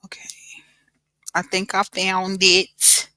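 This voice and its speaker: Chatty bright-voiced woman live-streaming. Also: medium pitch, completely flat delivery, takes it slowly, no room sound. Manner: chatty, greets viewers, says "y'all" and "baby", laughs often. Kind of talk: casual live-stream chat.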